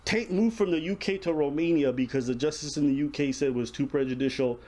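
A man's voice: fairly high pitch, quick pace, mellow, a little hiss or hum. A man hosting a casual reaction show, explaining the news bluntly with profanity.

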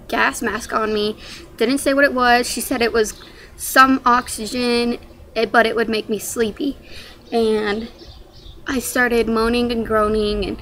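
A young woman with a slightly high voice tells her own story in a loose, rambling vlog way. She fills the gaps with "like" and "um" as she goes. A faint hiss of background noise sits under her voice. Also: fairly bright tone. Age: young adult. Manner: casual, rambling, lots of "like" and "um". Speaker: young mother telling her birth story.

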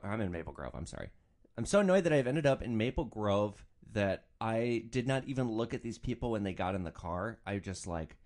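A man in his twenties hosting a podcast, telling rideshare stories in a casual, profane, joking way. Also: mid-range voice. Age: 20s. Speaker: podcast host and rideshare driver. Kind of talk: casual storytelling.

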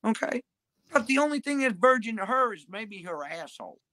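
A woman's voice: fairly high pitch, expressive, a little fast, fairly bright tone, no room sound. An older woman talking bluntly and profanely in a rambling interview. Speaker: interviewee in a played clip. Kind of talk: crude street interview talk.

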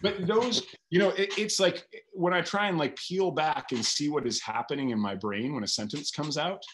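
A man's voice: fairly high pitch, moderate pace, fairly bright tone, slight background noise. A man, a guest author talking casually and animatedly in an interview, thinking aloud with lots of filler words.

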